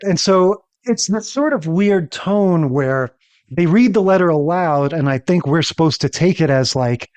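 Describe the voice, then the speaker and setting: A man's voice: high-pitched, expressive, measured pace, a little mellow, clear, resonant tone. Wry, chatty male podcast co-host. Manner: wry, chatty, recaps episodes with asides. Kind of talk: casual chat.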